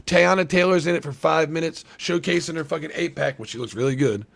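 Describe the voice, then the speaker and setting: A man in casual movie review chat, animated and swearing, acting out scenes in quick voices. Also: a little high, vocal fry. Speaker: podcast co-host.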